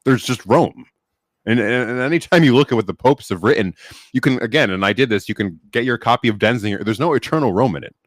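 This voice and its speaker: A man co-hosting a podcast in casual chat, speaking with dry, wry humor and slowing down for emphasis. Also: medium pitch, no room sound. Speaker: podcast co-host.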